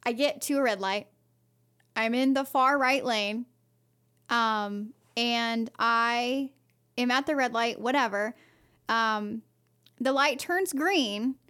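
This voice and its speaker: A woman with a somewhat high voice tells a personal story in a loose, chatty way. She circles back and restarts her sentences, padding them with fillers as she chats on a podcast. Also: slow, long pauses, bright, forceful tone. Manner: rambling, full of fillers and restarts. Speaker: podcast co-host. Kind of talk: casual storytelling.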